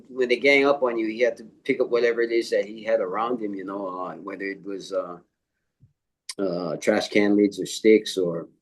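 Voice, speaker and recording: An older man, a martial arts instructor being interviewed, retelling a story in a halting way with lots of fillers and quoted dialogue. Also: lowish voice.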